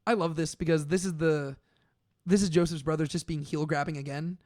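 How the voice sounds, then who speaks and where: A young man co-hosting a casual Bible study talk, conversational and animated, with lots of filler "like"s. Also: fairly high pitch, brisk. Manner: conversational, uses many "like"s, animated when paraphrasing. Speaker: podcast co-host.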